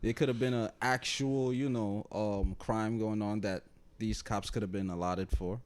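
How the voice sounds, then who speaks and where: A young man co-hosting a podcast in casual chat, telling stories with lively acted-out quotes. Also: on the low side, moderate pace. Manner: animated storyteller who acts out quoted people. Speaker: podcast co-host.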